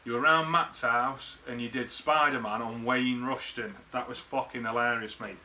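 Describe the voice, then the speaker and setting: A man's voice: mid-range voice, steady tone, normal speed, sharp tone, a little hiss or hum. A man recording a rambling, sweary birthday message full of memories for an old friend. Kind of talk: casual rambling reminiscence.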